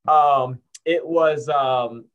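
A man's voice: on the high side, steady tone, very slow, clean tone, lo-fi sound. A man in his fifties, from Syracuse, New York, telling a story about his college football days in a casual interview, with many restarts and fillers. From Syracuse, New York, USA. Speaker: guest, former college football player.

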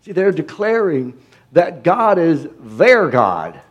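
High-voiced preaching man. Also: very animated, slow pace, dull audio. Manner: preaching with rising intensity, repetitive rhetorical questions. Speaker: pastor. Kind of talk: sermon.

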